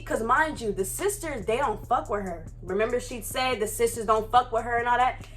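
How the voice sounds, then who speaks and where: A young woman tells a heated storytime to the camera, her voice sitting high and bright. She talks in animated, profane slang, getting fired up as she goes, with faint music behind her. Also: a little slow. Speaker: vlogger. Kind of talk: casual storytime. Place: Florida.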